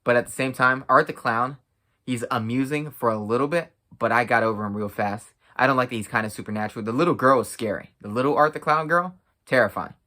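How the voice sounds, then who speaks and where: A man's voice: medium pitch, quick pace, pushed and bright. A man giving a casual, blunt and profane rant as a film reviewer, exasperated and outspoken.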